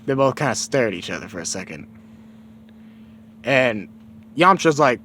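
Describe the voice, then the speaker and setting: A man's voice: medium pitch, big pitch swings, moderate pace, long pauses, bright, forceful tone, slight background noise. A man casually retelling a story, rambling and profane, with lots of fillers.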